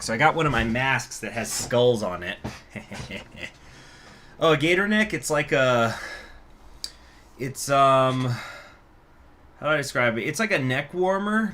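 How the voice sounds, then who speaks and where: Man, gaming host, reads the story then drifts into casual cursing asides, mid pitch. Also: animated, moderate pace, long pauses, pushed and bright, a little hiss or hum. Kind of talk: let's play with story reading.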